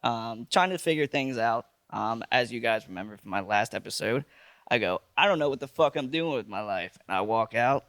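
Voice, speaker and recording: A man's voice: mid-range voice, lively intonation, normal speed, a bit bright, no echo, clean studio sound. A man speaking as a podcast guest, hesitant and confessional, with many ums, in a clip played back. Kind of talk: casual chat.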